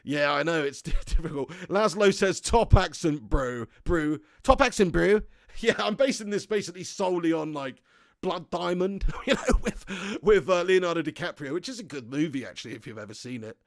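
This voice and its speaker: A man hosting a live fan stream, chatting excitably and reading out viewer comments. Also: a little high, brisk, no echo. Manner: excitable, chatty, often laughing. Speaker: fan channel host.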